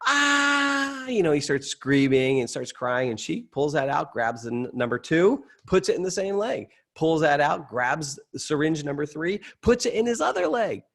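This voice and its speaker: A middle-aged man teaching a session to an audience, telling a personal story in a lively, conversational way and jumping up in pitch at dramatic moments. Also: vocal fry. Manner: animated storytelling, conversational, rising excitement at high points. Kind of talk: anecdotal teaching talk to an audience.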